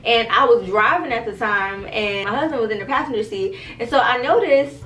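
A young woman, telling a story to her viewers in an animated, profane, casual way. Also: fairly high pitch, brisk, echoey room, low-quality recording. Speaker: storytime vlogger.

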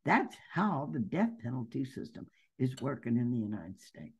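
A nun who campaigns against the death penalty answers interview questions earnestly and emphatically, building her points through stories. She has a husky bass voice, very animated, at a moderate pace.

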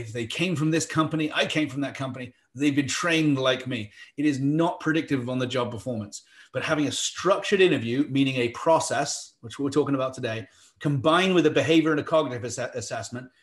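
A man with an English accent giving a fast-paced workshop talk on hiring, with quick joking asides. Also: medium pitch, a bit bright. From England. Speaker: workshop presenter. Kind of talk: live virtual workshop talk.

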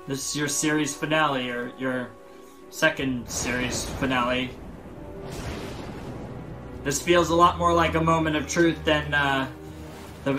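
A man hosting a reaction video, talking casually with laid-back muttered asides. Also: medium pitch.

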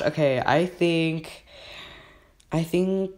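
Slow-talking nervous young gamer guy. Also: a little high. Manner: excitable, keeps saying how nervous and shaky he is. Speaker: gaming channel host. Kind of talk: casual gameplay commentary.

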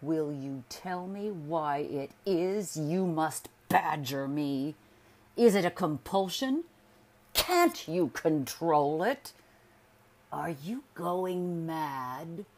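A woman voicing a bitter, sickly husband who accuses his wife in loud, slow, forceful lines, read as a storybook figure. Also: low-pitched, exaggerated voice. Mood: accusing.

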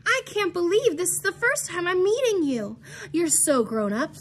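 A woman's voice: fairly high pitch, big pitch swings, a little slow, a little mellow, breathy edge, heavily acted. A woman reading aloud, voicing a cheerful, effusive grown woman who gushes over a family friend's daughter. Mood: gushing.

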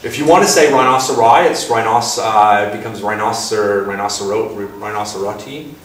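A man's voice: on the low side, steady tone, moderate pace. A man giving a casual, playful public talk to an audience, joking at his own expense and acting out little exchanges. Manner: playful and self-mocking, acts out little dialogues. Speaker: guest speaker at a talk event. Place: lecture room with an audience. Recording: very echoey room, distant mic, faint hiss.

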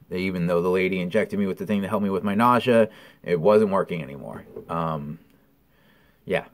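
A man talking casually straight to the camera, his voice sitting a little on the low side. He tells his story with plenty of ums and blunt, salty language. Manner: candid, profane storytelling with many ums. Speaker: vlogger. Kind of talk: casual recovery update.

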